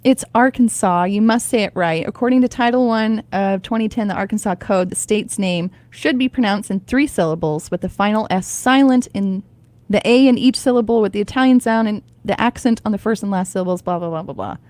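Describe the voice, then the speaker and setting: A woman's voice: mid-range voice, fairly quick, a little mellow, no room sound. A woman hosting a radio morning show, chatting casually and reading items aloud with frequent laughter. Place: radio studio. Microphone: studio microphone.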